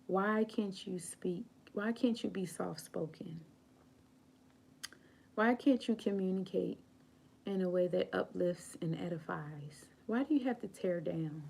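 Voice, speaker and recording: Slow, gravelly-voiced woman giving advice. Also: mid-range voice, a little mellow. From United States. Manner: slow, earnest, preachy, quotes scripture. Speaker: channel host. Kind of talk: live-stream talk on feminine grace. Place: home, late at night.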